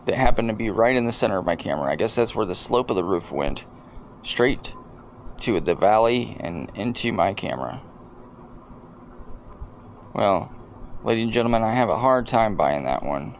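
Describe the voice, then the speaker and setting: A man hosting a video and commenting casually over clips in a deadpan, rambling, joking way. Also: fairly low pitch, normal speed, long pauses, a little hiss or hum. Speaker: video host.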